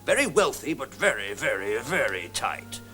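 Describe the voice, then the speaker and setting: An actor playing a flamboyant, self-important middle-aged Victorian novelist in a 1970s TV sketch. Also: male voice, medium pitch, very animated, moderate pace, pushed and bright, faint music behind. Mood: grand. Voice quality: theatrical, grandiloquent delivery. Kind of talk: 1970s television sketch comedy.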